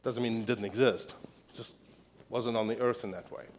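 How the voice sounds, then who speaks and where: A man preaching a sermon as pastor in a church, repeating key phrases with emphasis and growing loud when reading scripture. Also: on the low side, steady tone, normal speed, slight background noise.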